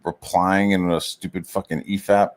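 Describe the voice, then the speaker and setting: Low voiced dude rambling and cussing while drawing comics, lots of like and you know. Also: male voice, level tone, normal speed. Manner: profane, rambling, heavy on filler words. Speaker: streamer and comic artist. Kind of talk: casual rambling rant.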